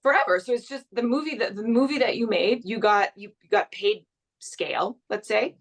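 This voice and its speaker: A woman's voice: medium pitch, moderate pace. A young adult woman from Canada, a guest actress chatting casually in an interview, full of restarts and fillers.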